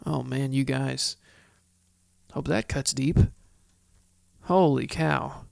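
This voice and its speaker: A man's voice: medium pitch, slow, gravelly, no room sound, clean studio sound. A man hosting a solo Bible study podcast, chatty and heartfelt, thinking aloud as he goes. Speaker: podcast host.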